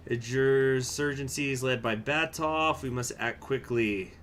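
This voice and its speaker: A man streaming a strategy game, chatting with viewers, reading event text aloud and breaking into loud, swearing surprise. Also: medium pitch, lively intonation, measured pace. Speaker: gaming streamer.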